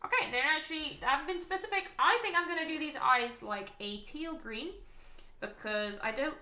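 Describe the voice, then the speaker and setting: A woman's voice: sits high, lively intonation, a little fast, sharp tone, roomy sound. A woman chatting casually and thinking aloud as she walks viewers through a live painting stream. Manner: chatty, thinking aloud while working, frequent ums.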